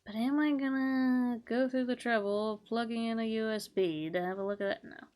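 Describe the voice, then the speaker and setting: A woman's voice: a little high, moderate pace, a little mellow. A woman hosting a gaming channel, chatting casually through a let's play, teasing and self-mocking, with frequent swearing.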